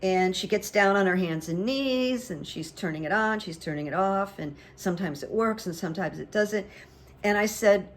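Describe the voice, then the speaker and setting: A woman's voice: medium pitch, normal speed, slight background noise. A woman hosting her own show, telling a casual story in a chatty, self-deprecating way with lots of fillers. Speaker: host.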